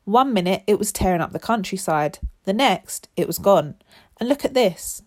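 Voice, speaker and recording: A woman's voice: medium pitch, lively intonation, normal speed, darkish tone, lightly acted. A woman voicing an earnest female scientist who explains things in a children's story. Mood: urgent. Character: woman scientist running a control room.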